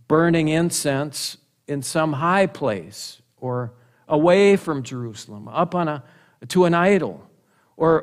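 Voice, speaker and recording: A middle-aged man preaching a sermon, earnest and emphatic, with rhetorical questions and repetition. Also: a little high.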